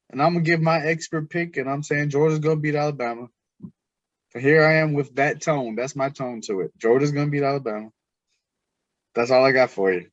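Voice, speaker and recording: A man hosting a casual sports podcast, talking in an animated, teasing way. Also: medium pitch, no room sound, dull audio. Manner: animated, teasing, mimics others' voices. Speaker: podcast host.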